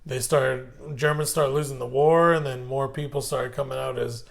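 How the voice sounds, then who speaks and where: A man with a Californian accent co-hosting a podcast in casual chat, animated and swearing as he retells movie scenes. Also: mid-range voice, moderate pace, creaky. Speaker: podcast co-host.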